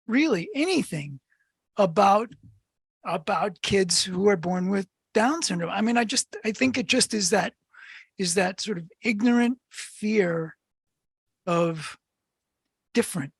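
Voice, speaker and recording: Gravelly, husky woman host. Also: medium pitch, dry recording, clean studio sound. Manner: earnest, thoughtful questioning. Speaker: podcast host. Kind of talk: casual interview chat.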